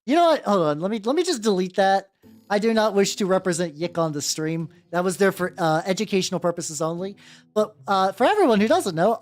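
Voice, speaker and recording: A woman streaming as she paints miniatures, chatting casually with her viewers, greeting them by name, laughing and swearing freely. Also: mid-range voice. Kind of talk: casual livestream chat. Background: soft background music.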